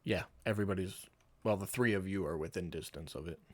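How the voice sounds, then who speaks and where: Low-voiced easygoing game master. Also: male voice, fast talker. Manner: easygoing, patient rules explanations. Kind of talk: running a tabletop game online.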